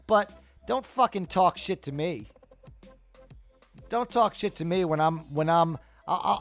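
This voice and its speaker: Brief: man in his thirties, tired live-stream trading host, profane and animated, slightly high voice, faint music under him. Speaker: livestream stock trading host. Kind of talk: casual live market commentary.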